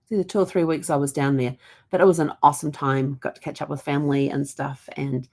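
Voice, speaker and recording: A woman's voice: deep voice, steady tone, fast, a little mellow. A middle-aged woman, casually telling family stories and laughing now and then. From New Zealand. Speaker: genealogy vlogger. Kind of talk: casual storytelling.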